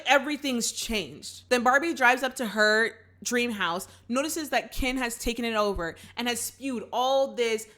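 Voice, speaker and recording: A young woman hosting a movie reaction, recapping the plot in casual chat and talking straight to her viewers. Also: a little high. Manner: animated, acts out characters' lines, talks to viewers as y'all.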